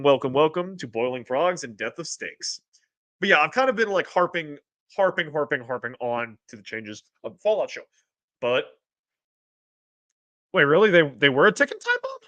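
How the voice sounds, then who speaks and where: A man hosting a casual livestream, reading chat aloud and rambling, with restarts and sudden excited jumps in pitch. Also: no echo. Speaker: streamer host reading chat.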